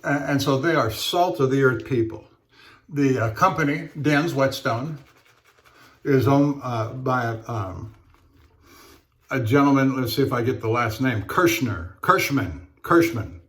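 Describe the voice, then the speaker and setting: A man talking casually while he shaves, in a halting, rambling way with many fillers and restarts. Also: mid-range voice. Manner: rambling storyteller. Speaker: straight razor shaving vlogger. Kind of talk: casual talk while shaving.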